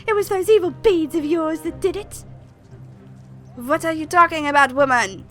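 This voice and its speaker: A woman voicing a hysterical peasant woman who wails and accuses in a tearful, shrill voice. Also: moderate pace, fairly bright tone, faint music behind. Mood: wailing.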